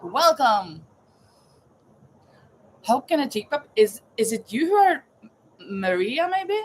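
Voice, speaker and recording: A woman's voice: high voice, big pitch swings, slow pace, a little hiss or hum, low-quality recording. A woman hosting a casual live chat, reading trivia questions aloud and greeting viewers by name. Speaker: livestream host running a trivia quiz.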